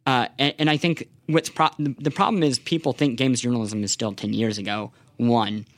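A man's voice: medium pitch, fairly even intonation, normal speed, no echo. A man and games journalist talking earnestly in a casual podcast discussion, speaking in long runs with frequent restarts and repeated words.

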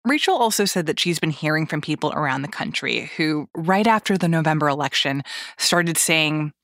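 A woman's voice: sits low, lively intonation, moderate pace, a bit bright, no room sound, studio quality. A woman hosting a news podcast, narrating in a conversational, lightly amused way. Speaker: podcast host.

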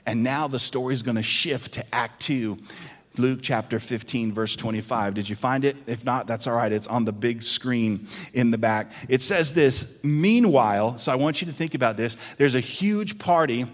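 A pastor preaching a sermon in a church, swinging from loud emphasis to hushed tones. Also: male voice, medium pitch, normal speed, big-room sound.

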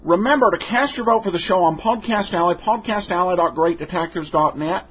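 A man's voice: sits high, a little fast, a bit bright, breathy edge, muffled recording. A man from Idaho hosting a podcast, chatting casually and hesitantly with many fillers. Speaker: podcast host.

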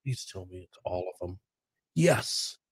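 A man co-hosting a podcast, excitable and jokey in casual banter. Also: low-pitched, a little slow, breathy edge, dry recording. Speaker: podcast co-host.

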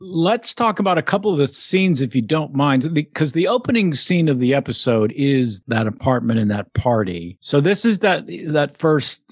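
A man's voice: on the high side, big pitch swings, moderate pace, few pauses, husky, no room sound. A man hosting a casual interview podcast, chatty and playful, given to slipping into impressions. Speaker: podcast host.

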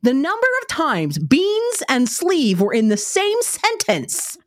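A woman in her forties co-hosting a podcast, telling a parenting story with animated quoting of her kids. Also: slow pace. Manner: animated storyteller, jumps high for quoted kids. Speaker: podcast co-host. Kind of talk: casual chat, storytelling.

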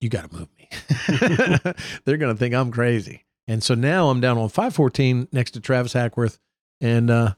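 A man's voice: medium pitch, a little slow, darkish tone, dry recording. A man, co-hosting a casual podcast, telling joking stories and mimicking colleagues. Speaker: podcast co-host and state senator.

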